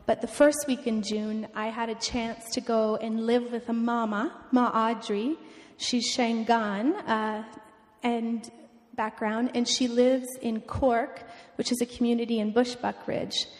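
A young woman giving an emotional, earnest personal testimony at a mission event, often halting and restarting. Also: fairly high pitch, little pitch movement. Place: church event hall. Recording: long hall reverb.

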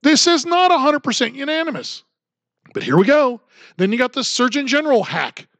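Podcast host, man, sarcastic ranter, lively swooping delivery, dry close sound. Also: very high voice, brisk, no room sound. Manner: sarcastic, ranting. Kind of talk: solo political commentary podcast.

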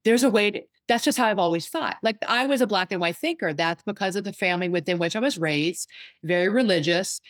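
A woman psychotherapist and life coach talking in a casual interview, animated and storytelling, acting out what others said. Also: medium pitch, fairly quick, dry recording. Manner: animated storyteller, acts out quoted voices.

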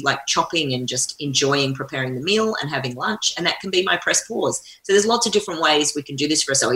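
A woman's voice: low-pitched, a bit bright. A woman speaking as an interview guest, talking energetically in a coaching tone. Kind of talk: conversational interview. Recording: echoey room.

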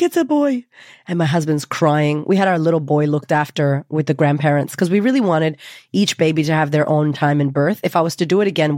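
A woman hosting a podcast, telling a personal story in a candid, lively way and swearing freely. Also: low-pitched, dry recording, studio quality. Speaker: podcast host.

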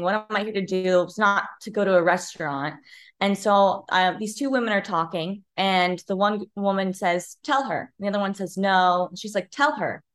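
A young woman, a podcast guest, telling a personal story and acting out other people's lines as she goes. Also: mid-range voice. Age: young adult. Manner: animated, acts out other people's voices in her stories.

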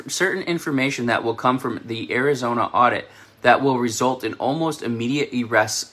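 A man's voice: medium pitch, sharp tone. A man with a New York accent giving a casual, rambling prophecy update, often laughing at himself. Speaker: self-described prophetic channel host.

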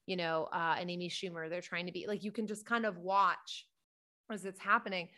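A woman comedian, a guest on a podcast, telling stories in animated, quick bursts. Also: mid-range voice. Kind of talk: casual podcast chat.

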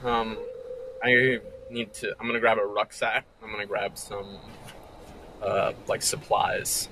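A man's voice: fairly low pitch, steady tone, a little slow, creaky, background noise. A man playing a tabletop game, talking casually and hesitantly with fillers. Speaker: player.

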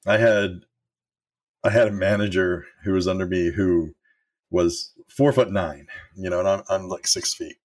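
A man's voice: sits low, steady tone, a little slow. A middle-aged man and former manager giving a candid motivational talk on leadership, telling stories and swearing now and then. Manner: candid and storytelling, with occasional swearing.

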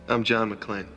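An actor playing a tough, wisecracking cop in a film scene, wry and streetwise. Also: male voice, mid-range voice, pushed and bright. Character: wisecracking tough male cop, middle-aged. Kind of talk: film dialogue. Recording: film audio with long reverb and ambience.

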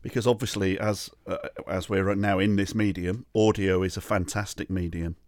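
A man's voice: low-pitched, steady tone, moderate pace, darkish tone, no echo. A man hosting a comedy podcast, chatting casually with dry, self-mocking humour. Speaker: podcast host. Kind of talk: casual chat.

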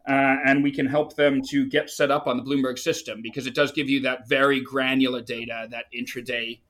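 A man's voice: mid-range voice, flat delivery, fairly quick, fairly bright tone. A man hosting a market podcast, chatting casually, agreeing readily and using frequent fillers. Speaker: podcast host.

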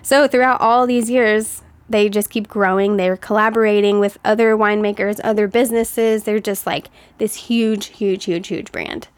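A woman's voice: mid-range voice, steady tone, normal speed, few pauses, no echo. A woman co-hosting a casual chat, telling stories in a chatty way and laughing often. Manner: giggly, chatty storyteller. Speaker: co-host.

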